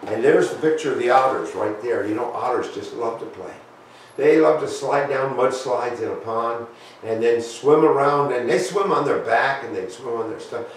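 A man giving a children's talk in church, folksy and halting, reading a storybook. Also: mid-range voice, slight background noise. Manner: folksy, halting, many fillers. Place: church sanctuary. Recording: echoey church from far off.

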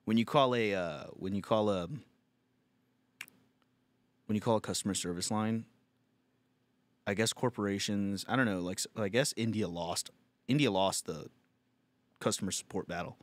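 A man's voice: fairly low pitch, normal speed, long pauses, no room sound. A man hosting a comedy podcast, talking in a crude, rambling, laid-back way. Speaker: podcast host. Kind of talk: casual podcast chat.

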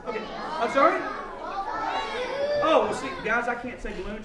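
A man's voice: extremely high pitch, very animated, normal speed, pauses often. A man performing as a children's entertainer at a live library show, playfully clowning and throwing questions out to the audience. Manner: playful, clowning, mock-silly with the kids. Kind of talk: live kids' show patter. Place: library event room, indoors. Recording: echoey hall, recorded from far off. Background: loud noisy children's crowd.

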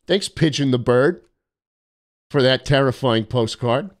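Sarcastic man with a lively voice. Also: mid-range voice, slow. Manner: sarcastic, mock-arrogant joking. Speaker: streamer. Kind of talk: casual livestream chat reading viewer postcards.

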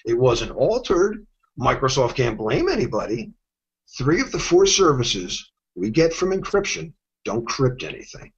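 A man's voice: mid-range voice, a little slow, husky, dull audio. A man, a security instructor, talking casually in an interview and acting out the voices in his stories. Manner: animated, acts out quoted voices in stories.

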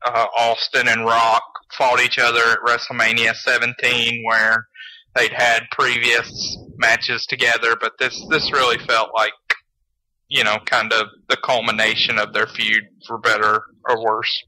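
A man's voice: mid-range voice, monotone, measured pace, bright, forceful tone, a little hiss or hum, low-quality recording. A man co-hosting a casual wrestling podcast, hesitant and stumbling over repeated words. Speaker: podcast co-host.

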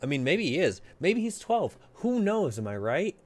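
A man's voice: fairly high pitch, sing-song, moderate pace. Playful joking let's-play host, man. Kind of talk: casual gameplay commentary.

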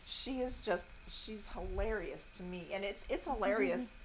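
A woman's voice: medium pitch, measured pace, slight background noise. A middle-aged woman, chatting casually and laughing often as host of a quilting livestream, drifting off topic.

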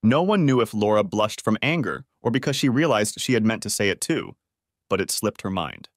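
A man's voice: fairly low pitch, expressive, normal speed, no echo. Dry-sounding male audiobook narrator. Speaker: story narrator.

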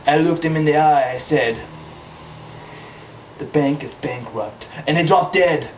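A man's voice: a little high, measured pace, a little hiss or hum. Man rambling in a put-on accent. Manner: vague put-on foreign accent, rambling and improvised. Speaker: comic character host. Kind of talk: amateur comedy sketch. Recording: roomy, dull lo-fi home video.

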